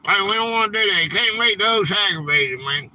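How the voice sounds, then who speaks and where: A man hosting a casual live stream, rambling and quick to get frustrated, saying "man" a lot. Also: sits high, expressive, sharp tone, rough recording. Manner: rambling, easily frustrated, says "man" often.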